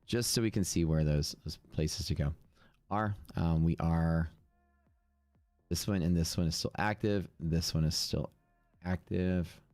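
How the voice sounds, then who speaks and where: A man's voice: deep voice, unhurried, darkish tone, no echo, faint music behind. A man live-streaming his trading screen, casually thinking aloud with fillers and restarts. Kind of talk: live screen-share commentary.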